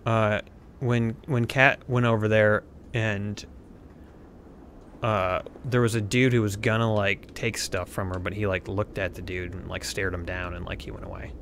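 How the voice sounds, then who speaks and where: A man's voice: fairly low pitch, fairly even intonation, normal speed, fairly bright tone, a little hiss or hum. A man chatting on a game stream, teasing his friends and muttering to himself as he plays cards. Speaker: show regular, playing a card game. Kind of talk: casual chat and play-by-play of his game.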